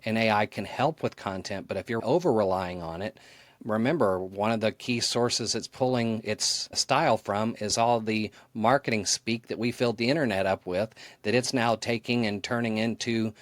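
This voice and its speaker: At a normal pace and a fairly low pitch, this man's voice comes through a dry recording. He's a marketing author guesting on a podcast, earnestly and thoughtfully walking through his ideas in conversation with the interviewer.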